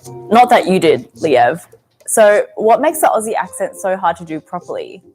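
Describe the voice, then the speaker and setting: A woman's voice: lowish voice, very animated, moderate pace, darkish tone, husky, soft background music, rough recording. A woman presenting a news feature in a conversational, scripted way.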